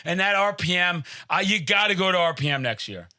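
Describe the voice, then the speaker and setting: A man hosting a podcast, telling profane comedic stories in a brash, boastful way, often yelling. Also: sits high, animated, a little fast. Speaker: podcast host.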